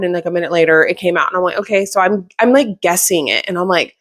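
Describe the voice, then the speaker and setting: A woman's voice: fairly low pitch, sing-song, fast talker, few pauses, a bit bright. A young adult woman chatting casually about books she has read, rambling with fillers and restarts. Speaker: book reviewer. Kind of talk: casual book review chat.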